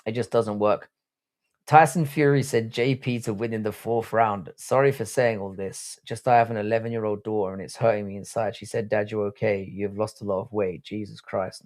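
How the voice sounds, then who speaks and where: A man's voice: fairly low pitch, a little mellow. A young English man hosting a livestream, reading chat aloud and bantering in a blunt, crude, rambling way with frequent restarts. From England. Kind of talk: casual live-stream chat.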